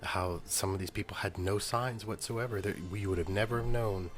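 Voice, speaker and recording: A man co-hosting a faith podcast earnestly retells someone else's story at length in a casual chat. He has a lowish voice and a moderate pace.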